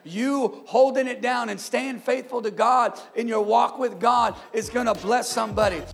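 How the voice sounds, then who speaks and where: A man, a pastor, preaching a sermon with energetic call-and-response and street slang. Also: very high voice, normal speed, vocal fry, long reverb tail.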